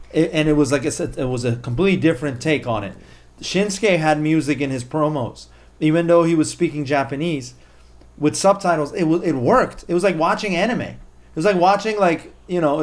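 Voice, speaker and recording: A man co-hosting a wrestling podcast, talking excitedly and rambling, with many fillers and some swearing. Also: fairly high pitch. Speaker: podcast co-host. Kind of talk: casual wrestling chat.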